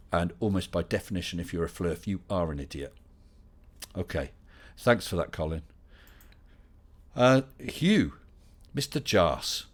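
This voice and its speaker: A middle-aged man hosting a casual live Q&A stream, chatting and reading out viewer questions with dry humor. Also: low voice.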